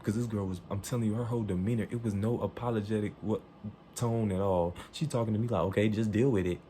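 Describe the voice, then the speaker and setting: A man with a low, warm, mellow voice tells a story in an animated and emphatic way. He swears freely and acts out the lines people said. A faint hiss sits behind him. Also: quick pace. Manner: profane, emphatic, acts out quoted dialogue.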